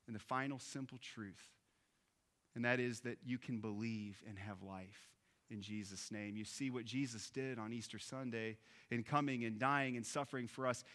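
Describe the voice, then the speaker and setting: Earnest preaching man. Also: medium pitch. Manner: earnest, rising with emphasis then dropping soft. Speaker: pastor. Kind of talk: sermon.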